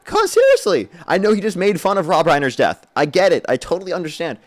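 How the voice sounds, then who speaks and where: Man mocking a shrill hypocritical rally speaker. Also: very animated, fast talker. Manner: mocking, shouting.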